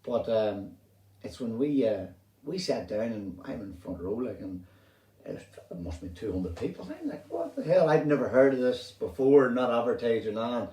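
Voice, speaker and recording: A middle-aged man with a Northern Irish accent telling a personal story in a rambling, animated way, swearing freely. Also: fairly low pitch, normal speed. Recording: roomy sound, distant from mic.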